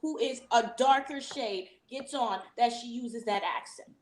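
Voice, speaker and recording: High-voiced woman in an echoey room. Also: slight background noise. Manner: explains at length, deliberate. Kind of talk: casual chat recapping a reality show. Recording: roomy echo.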